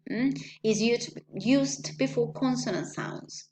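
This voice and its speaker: Slow, deliberate woman teaching pronunciation. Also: a little high, expressive. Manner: slow, deliberate, with frequent "hmm?" checks. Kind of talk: recorded pronunciation lesson.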